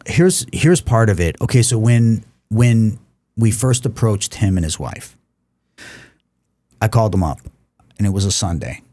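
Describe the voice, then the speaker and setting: A man, a podcast guest, telling a long personal story in an animated, profane way, often repeating words. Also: on the low side, unhurried, pauses often. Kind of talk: casual storytelling.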